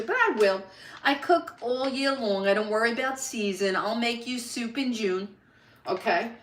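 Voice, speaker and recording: A woman's voice: medium pitch, fairly bright tone, far from the mic, a little hiss or hum. A woman in her sixties, hosting a live cooking stream in her home kitchen, chatting upbeat and talking to viewers by name. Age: 60s. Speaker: host. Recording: echoey kitchen.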